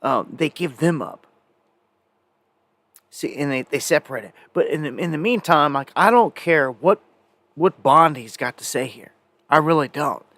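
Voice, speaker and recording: A man's voice: a little high, pushed and bright, no echo. A man hosting a live independent news show, talking in a rambling, conversational way with many fillers and restarts. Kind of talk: casual live news commentary.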